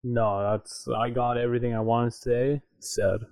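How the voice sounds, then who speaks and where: A man's voice: mid-range voice, level tone, moderate pace, darkish tone, no room sound, poor audio. A man co-hosting a podcast in casual chat, laid-back and agreeable, often answering with short replies. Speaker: podcast co-host.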